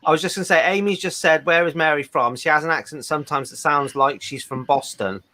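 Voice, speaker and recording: A man's voice: fairly high pitch, brisk, a crowd in the background. A man hosting a live stream, chattily reading out viewer messages and laughing often. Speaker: host.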